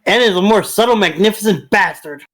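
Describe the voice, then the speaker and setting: A speaker in casual chat with friends, halting and repeating words while making a point. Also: medium pitch. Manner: halting and repetitive.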